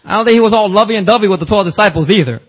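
A man's voice: high-pitched, racing, husky, low-quality recording. A man preaching a church sermon, emphatic and casual, with slang and rising intensity on quoted passages. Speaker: pastor. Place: church service.

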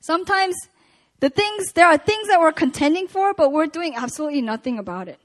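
A woman preaching at a prayer meeting, reading scripture and retelling it in a casual, animated way. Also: high-pitched, a little fast.

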